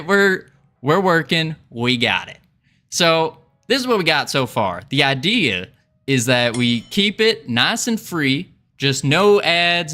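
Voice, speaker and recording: A man's voice: a little high, pushed and bright. A man putting on a hammy Southern accent, playing a cheery, folksy cowboy while he explains his first game on a livestream. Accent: put-on Southern US. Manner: folksy, hammy, laughing at himself. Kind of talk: livestream game dev chat in character.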